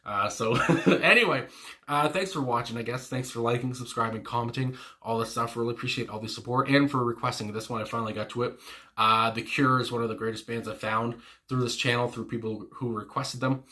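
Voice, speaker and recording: A man hosting a music reaction video talks in a loose, rambling way, full of fillers and restarts. His voice is bright and a little tense and sits at an ordinary pitch. His delivery comes across as eager and gushing. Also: steady tone, a little fast. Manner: gushing, enthusiastic. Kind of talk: casual reaction commentary.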